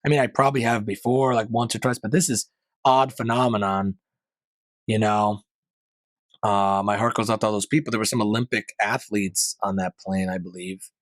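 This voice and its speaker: A man's voice: fairly low pitch, fairly even intonation, normal speed, no room sound. Rambling, chatty male podcast host. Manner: rambling, conversational, with frequent fillers and asides. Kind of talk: casual solo commentary.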